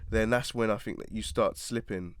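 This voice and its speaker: A man chats in a relaxed, reflective way as the guest of an interview, laughing easily. His voice sits low, and the sound is dry and close. He is recording in a small attic studio. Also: moderate pace, clear, resonant tone, no room sound. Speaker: radio presenter, guest. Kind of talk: casual interview chat.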